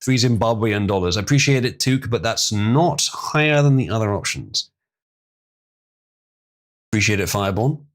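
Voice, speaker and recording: A man's voice: lowish voice, expressive, normal speed, pauses often. A man casually chatting on a live stream, reading hard terms aloud and stumbling over some words.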